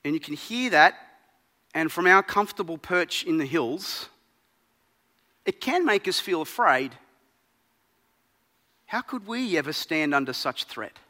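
A man preaching a sermon, swinging between loud emphasis and quiet gravity. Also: a little high, lively intonation, measured pace, long pauses, big-room sound.

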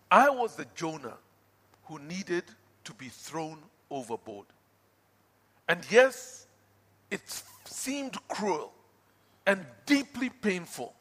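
Impassioned preacher with a high, bright voice. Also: male voice, in a large hall. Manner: impassioned, swinging from loud outbursts to hushed pleading. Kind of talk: sermon with personal testimony.

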